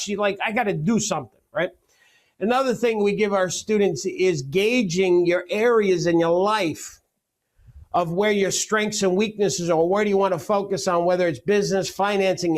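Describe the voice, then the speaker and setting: High-voiced energetic male real estate coach. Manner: energetic, joking, rapid-fire. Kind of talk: webinar teaching.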